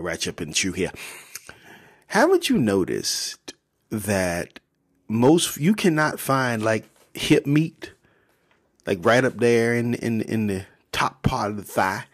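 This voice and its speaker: Animated man retelling Bible stories. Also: lowish voice. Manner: animated, slangy, laughs at his own jokes. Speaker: podcast host. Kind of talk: casual devotional Bible retelling.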